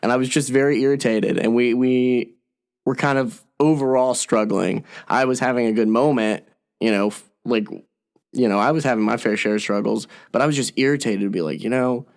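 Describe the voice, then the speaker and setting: A young male actor co-hosts a comedy podcast in a brisk, mid-range voice with vocal fry. In this casual comedy chat he tells stories animatedly, swears a lot, and acts out quotes.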